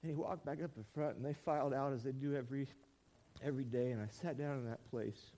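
A man's voice: medium pitch, fast. A male pastor in his forties preaching a storytelling sermon in a church, acting out quotes as he goes. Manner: animated storytelling, acts out quotes.

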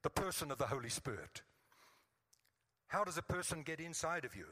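A man's voice: fairly high pitch, animated, moderate pace, pushed and bright. A man pastor preaching a fervent sermon to his own congregation, often checking in with the room with a call for "Amen?". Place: church sanctuary. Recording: church hall reverb.

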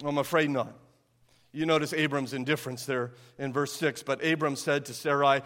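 A man's voice: medium pitch, steady tone, moderate pace, a bit bright, in a large hall. A male pastor giving a sermon in a conversational way, often asking "right?" to draw in his listeners. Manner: conversational preaching with frequent rhetorical "right?".

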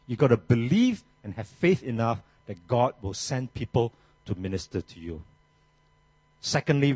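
A man preaching a sermon as pastor, emphatic and animated, with frequent restarts. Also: medium pitch, husky, dry recording.

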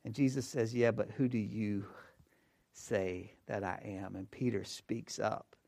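A man's voice: on the low side, unhurried, vocal fry, darkish tone. A man preaching a sermon as pastor, emphatic and conversational, building phrases through repetition and repeating words as he restarts.

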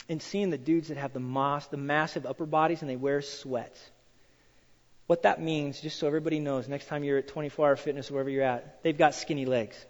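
A man preaching a sermon in a church hall, telling stories with animated, acted-out quotes. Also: fairly high pitch. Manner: animated storytelling, acts out quoted voices. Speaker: pastor. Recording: dull sound in a hall with long reverb.

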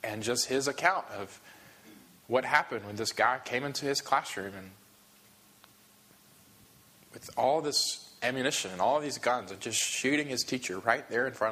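Male pastor, bright-toned, emotional, halting delivery with restarts. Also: medium pitch. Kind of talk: sermon.

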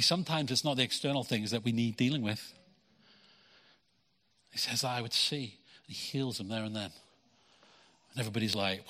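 A man preaches in a lively, conversational way, slipping into voices for the people in his stories. His tone is bright and forceful. The sound rings out with the long tail of a big hall. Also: medium pitch. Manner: conversational preaching, acts out quotes, repeats words. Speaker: pastor. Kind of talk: sermon. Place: church hall.

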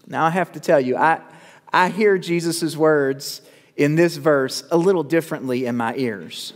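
A male pastor preaching a sermon, measured with dramatic pauses, building to urgent calls. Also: a little high. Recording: long reverb of a church hall.

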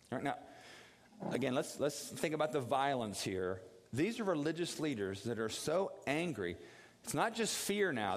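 Male pastor, sermon delivery, animated storyteller, long hall echo. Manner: animated storytelling with acted quotes, dropping low for prayer.

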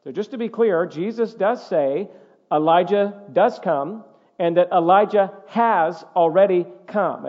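A man's voice: high-pitched, highs cut off. Emphatic male preacher in an echoing hall. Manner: emphatic preaching, reads scripture aloud, asks congregation to follow along. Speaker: pastor. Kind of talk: sermon.

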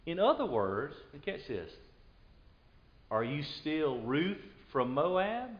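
A man's voice: medium pitch, lively intonation, slow pace. Man preaching a conversational sermon, lo-fi. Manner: conversational preaching, paraphrases scripture in a casual voice. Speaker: pastor.

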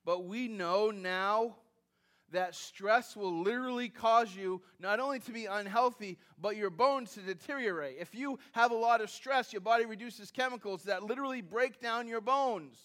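A pastor preaches conversationally, full of asides and self-deprecating humor, often repeating phrases and restarting as he builds his points. He's a man whose voice sits high and a bit bright, at a normal speed.

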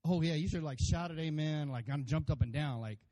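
A pastor preaching a sermon to his congregation, animated and playful, acting out voices and calling for amens. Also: a little high, brisk. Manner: animated, acts out funny voices for God and congregants; addresses congregation by name, calls for amens.

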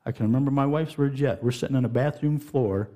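A middle-aged man preaching a sermon in a folksy, animated storytelling way, laughing and putting on voices. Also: mid-range voice, quick pace. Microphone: handheld mic.

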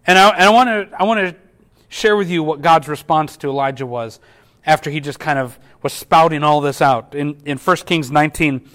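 High-voiced earnest male pastor. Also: moderate pace. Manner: earnest, repeats words at restarts, drops softly for quoted whispers. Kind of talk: sermon.

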